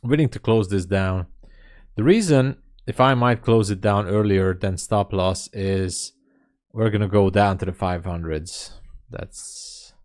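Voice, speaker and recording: A man hosting a live day trading stream, talking casually and reading chat messages aloud as he thinks out loud. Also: on the low side, a little slow. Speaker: day trading livestream host.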